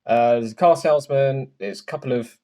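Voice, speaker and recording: A man's voice: mid-range voice, fairly quick, dark tone. A young man co-hosting a casual podcast chat, jokey and rambling, with tangents and filler words. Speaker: podcast co-host.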